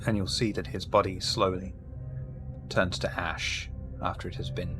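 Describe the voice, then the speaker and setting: Calm low-voiced male game master. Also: moderate pace, music in the background. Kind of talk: narrating a tabletop role-playing game. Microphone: online call.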